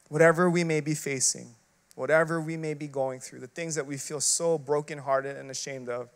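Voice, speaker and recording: An associate pastor gives a sermon in a conversational style, with plenty of filler words and rhetorical questions. His fairly high voice alternates between loud, emphatic bursts and quiet, hushed stretches.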